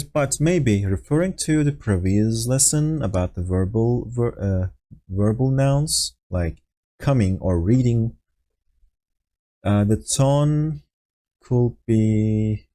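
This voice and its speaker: A man leads a language lesson over an online voice call, talking slowly and explaining patiently with fillers. His voice is mellow and relaxed, and he acts out example phrases as he goes. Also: medium pitch. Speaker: Turkish teacher. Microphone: voice call on Discord.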